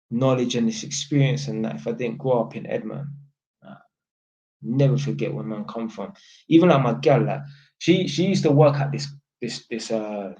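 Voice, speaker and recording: A man's voice: mid-range voice, darkish tone, lo-fi sound. A man with a London accent talking on a livestream, blunt and emphatic, swearing often and ending lines with tag questions. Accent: London, Multicultural London English. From North London, England. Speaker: livestream host. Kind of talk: casual livestream monologue.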